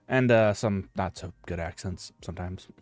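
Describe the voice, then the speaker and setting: A man's voice: low voice, normal speed, a little mellow, soft background music. A man with a US West Coast accent, chatting casually as a streamer in a rambling way with many fillers and restarts. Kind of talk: casual chat.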